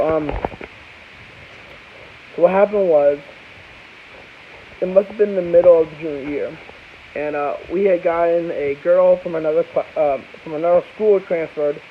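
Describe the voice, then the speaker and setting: This young Floridian vlogger speaks on the high side at a moderate pace, pausing often as he tells a casual, meandering story to the camera. He keeps restarting and tossing in asides, and the audio sounds tinny, like a phone, with faint hiss.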